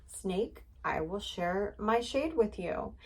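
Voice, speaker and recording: A woman voicing a calm, wise male lizard in a storytelling aside, speaking softly and without worry. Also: medium pitch, slow pace, slightly rough, full character voice.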